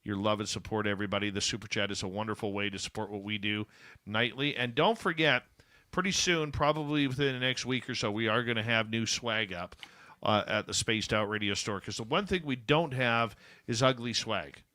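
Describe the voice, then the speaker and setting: Male radio host, bright close dry sound, chatty and informal, upbeat promo reads. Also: on the low side, brisk, no echo. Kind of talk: casual radio chat and show promos.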